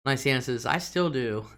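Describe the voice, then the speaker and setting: A woman's voice: very deep voice, a bit bright. Chatty woman host. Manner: chatty, laughs often, drawls some words. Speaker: livestream host. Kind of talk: casual livestream chat reading comments.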